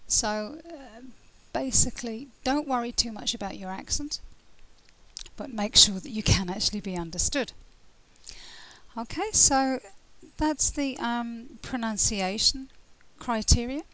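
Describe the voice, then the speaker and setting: A British woman, a language test tutor, explaining scoring criteria in a relaxed, conversational way with frequent fillers and restarts. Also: fairly high pitch, unhurried, rough recording. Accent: British English. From Britain.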